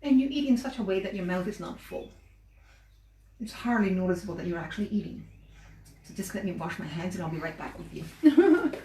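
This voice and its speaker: A woman's voice: on the low side, animated, fairly quick, mellow. A woman host teaching a cooking demonstration live, explaining each step patiently while she works with her hands. She sounds set back from the microphone in an echoey room, with a faint hum of ambience behind her. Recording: roomy, distant mic with faint ambience.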